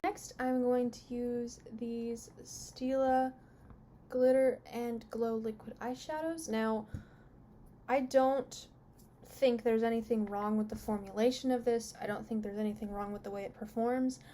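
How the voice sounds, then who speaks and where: Chatty young woman with a mellow voice. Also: a little high, fairly even intonation, unhurried, a little hiss or hum. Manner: candid, chatty, openly complaining. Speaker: beauty vlogger. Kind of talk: makeup review vlog.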